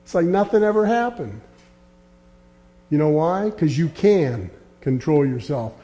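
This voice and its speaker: A man preaching a sermon in an earnest way, with a mellow, warm tone that sits a little high for a man. He reads scripture aloud and lets his voice sink low and soft on his key points. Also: expressive, measured pace.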